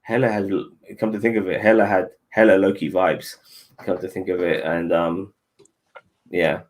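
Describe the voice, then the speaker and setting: A man casually chatting as a podcast co-host, animated and swearing freely with slang. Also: low voice, moderate pace. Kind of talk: casual chat.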